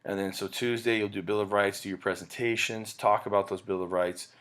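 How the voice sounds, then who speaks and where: A man's voice: lowish voice, steady tone, fairly quick, a bit bright. A male teacher giving a casual, rambling recorded lecture, often breaking off mid-sentence. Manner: casual, rambling, self-interrupting.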